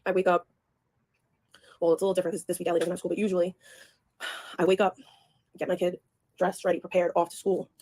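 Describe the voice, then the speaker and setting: A woman's voice: on the low side, little pitch movement, dark tone, no room sound. A mother chatting on a livestream, defensive and insistent about her daily routine. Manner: defensive, insistent, talks fast. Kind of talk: casual livestream chat.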